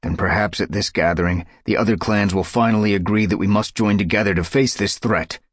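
A man's voice: sits low, moderate pace, no echo, studio quality. A man voicing a burdened male cat clan leader who speaks firmly with a growl in a storybook reading. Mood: stern. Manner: growling, firm.

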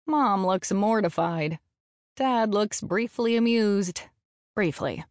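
Woman reading a first-person audiobook, slow, blunt and a bit sweary, dry close mic. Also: mid-range voice, no echo. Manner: frank and profane. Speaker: audiobook narrator.

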